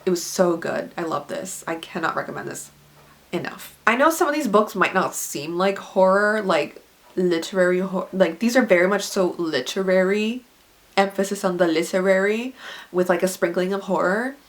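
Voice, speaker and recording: A woman's voice: medium pitch, normal speed. A woman in her twenties recommending books in a casual vlog, chatty and gushing, filling her talk with "like". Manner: chatty and gushing, heavy use of "like" fillers. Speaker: book reviewer.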